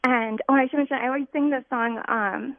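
Young female caller, high pitch, chatty, tinny phone line sound. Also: fairly even intonation, a little fast, dry recording. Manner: chatty, hesitant with ums. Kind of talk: phone-in storytelling.

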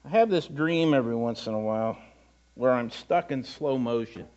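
A man's voice: medium pitch, moderate pace, a little mellow, lo-fi sound. A middle-aged male pastor preaching a sermon in a conversational way, with self-deprecating asides and frequent repetitions.

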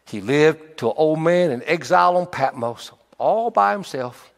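A man's voice: a little high, a little slow, gravelly. Man preaching in a reverberant hall. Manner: animated, swings from hushed to emphatic. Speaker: pastor. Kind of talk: sermon.

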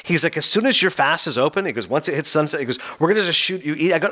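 A man's voice: on the high side, rapid-fire. A man co-hosting a podcast in casual chat, telling stories with energy and acting out the voices of the people in them. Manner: animated storyteller, acts out quoted voices. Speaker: podcast co-host.

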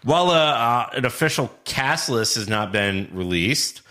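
A man co-hosting a podcast, relaxed and hesitant with fillers as he goes through news items. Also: mid-range voice, unhurried. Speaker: podcast co-host. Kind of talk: casual news chat.

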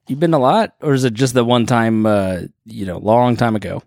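A man's voice: medium pitch, moderate pace, creaky, darkish tone, dry recording. A man co-hosting a comedy podcast, teasing his co-host with dry jokes in casual chat.

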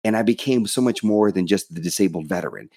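Lowish-voiced guy sharing his story, open and animated, dry close mic. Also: quick pace, slightly rough, dry recording. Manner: open and animated, swears casually. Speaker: guest. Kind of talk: personal storytelling in interview.

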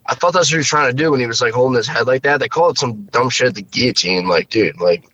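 A man's voice: medium pitch, fast, pushed and bright, breathy edge, dry recording, dull audio. A young man co-hosting a podcast, rambling and swearing in casual crude banter. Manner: rambling, swearing, laughs a lot. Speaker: podcast co-host.

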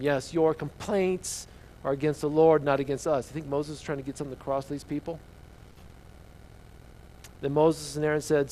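A man preaching a sermon as an animated storyteller, swinging sharply from loud outbursts to hushed asides. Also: a little high, brisk, rough recording. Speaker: pastor.

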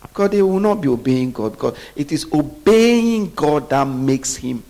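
A man preaching a sermon, often pausing so the congregation can finish his sentences. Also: fairly high pitch, animated, a little mellow. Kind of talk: sermon with call-and-response.

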